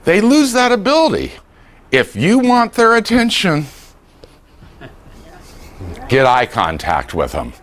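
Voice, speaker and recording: Male dementia care trainer, lively swooping delivery, acts out dialogue for a live room. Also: sits high, takes it slowly, long pauses. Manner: animated, acts out quoted dialogue.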